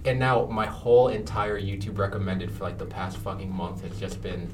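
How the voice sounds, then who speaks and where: Young guy, lowish voice, rambling and profane, distant mic over group chatter. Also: flat delivery, moderate pace, a little mellow, a little hiss or hum. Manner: rambling, profane, filler-heavy. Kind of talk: casual chat.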